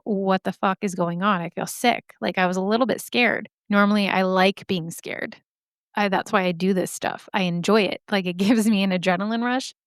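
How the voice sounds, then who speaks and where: Woman podcast host, candid storyteller, smooth, clean dry close sound. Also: medium pitch, fairly bright tone, no room sound. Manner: candid, chatty, swears freely. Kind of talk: casual storytelling.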